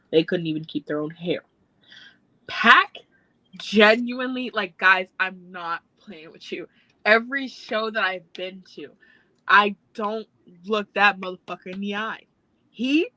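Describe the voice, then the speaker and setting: A woman's voice: medium pitch, lively intonation, a little slow, bright, forceful tone, no room sound, low-quality recording. A woman co-hosting a podcast, chatting casually with profane, laughing banter. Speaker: podcast co-host. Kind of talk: casual chat.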